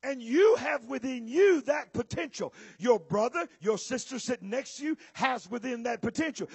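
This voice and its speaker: A man preaches a sermon, rising into shouts and slowing down to press his points. His voice sits very high and sounds husky. It swings widely in pitch, and the sound is close and dry. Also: lively intonation, no room sound. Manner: preaching with shouts and drawn-out emphasis. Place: church or conference hall with audience.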